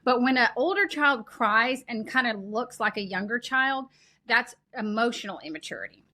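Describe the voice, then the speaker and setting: A woman explaining child development in a conversational interview, earnest and animated, acting out what parents say. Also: on the high side, moderate pace.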